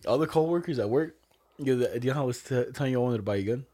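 A young man casually telling stories with a lot of swearing, his voice jumping high whenever he quotes someone. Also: racing. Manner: animated, swearing, jumps way up in pitch when quoting people. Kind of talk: casual storytelling chat.

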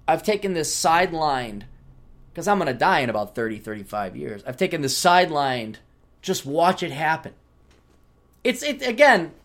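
A man's voice: sits high, fairly bright tone. A man hosting a solo podcast, ranting in a sardonic, profane way and slipping into mocking voices for quoted asides. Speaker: podcast host.

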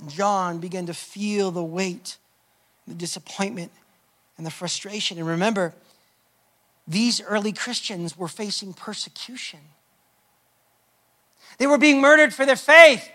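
A man preaching a sermon, swinging from loud emphatic lines to hushed, almost whispered drops as he acts out the voices of hurting people. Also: high voice, a little slow, pauses often. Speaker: pastor.

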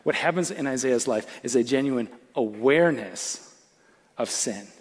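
A male pastor preaching a sermon in an animated, conversational way, full of casual fillers. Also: medium pitch, normal speed. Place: church auditorium.

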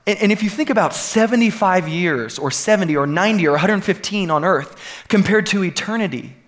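Male pastor, slightly high voice, earnest sermon delivery with emphatic builds. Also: brisk. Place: church sanctuary.

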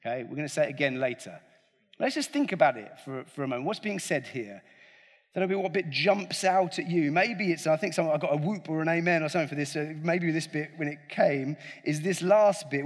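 A male preacher giving a chatty, humorous sermon with a slightly husky voice that swings widely in pitch. He speaks from a large hall, and a long reverb trails his words. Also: animated, brisk. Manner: conversational, joking, addresses the congregation directly.

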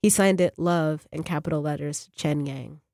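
A woman, a fiction writer, reading her own short story on a radio program in a measured, even way. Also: low voice, vocal fry, dry recording, clean studio sound.

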